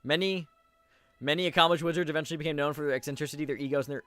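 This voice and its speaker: A man's voice: a little high, racing, fairly bright tone, no echo, soft background music. A man hosting a casual let's-play, chatting to viewers with many stumbling restarts and reading game text aloud. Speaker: gaming video host.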